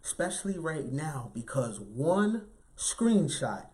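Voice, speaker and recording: Animated man with a light, youthful voice. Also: fairly high pitch, takes it slowly. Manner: animated, emphatic, repeats "right?" often. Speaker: motivational speaker. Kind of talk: motivational talk.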